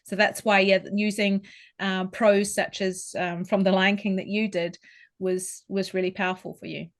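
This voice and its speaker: A woman talks as a vocal coach in a podcast interview. She explains clearly and carefully, and she shows each point by demonstrating how a voice can sound. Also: medium pitch, level tone, normal speed. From New Zealand. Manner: articulate, instructive, demonstrates vocal tones.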